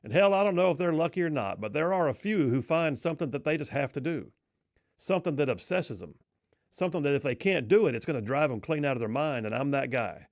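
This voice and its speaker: A proud Texan race car builder, as a radio host puts him on talks in a folksy, plainspoken way, sitting a little higher than the host's usual voice. The sound is dry and close, with no room echo. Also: male voice, expressive, quick pace. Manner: folksy, plainspoken speech-giving.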